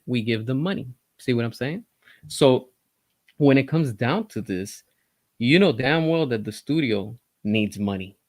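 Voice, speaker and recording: A man delivers casual, opinionated commentary at a mid-range pitch, pressing his points and addressing his viewers directly. The recording is dry and close, with no room sound around him. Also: no room sound. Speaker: entertainment news commentator.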